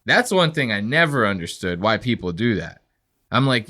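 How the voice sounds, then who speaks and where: Bright-voiced man in casual podcast chat. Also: on the low side, normal speed. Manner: profane, rambling storytelling with animated impressions. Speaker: podcast co-host.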